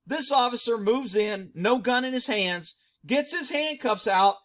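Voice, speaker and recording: A man's voice: extremely high pitch, animated, measured pace, a bit bright. A middle-aged man, a former police dog handler, giving blunt, indignant commentary on a video.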